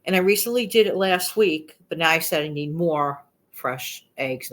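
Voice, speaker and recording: A woman's voice: low-pitched, animated, moderate pace, a bit bright. A woman in her sixties with a New York accent, chatting to camera in a rambling, emphatic way as a frugal living vlogger. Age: 60s. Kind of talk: casual chat to camera.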